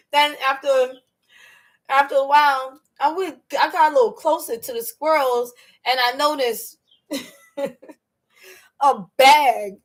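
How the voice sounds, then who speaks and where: A high-pitched woman with a fairly bright tone hosts a laid-back storytelling livestream. She's chatty and slangy, often laughing as she tells stories and replies to viewers' questions.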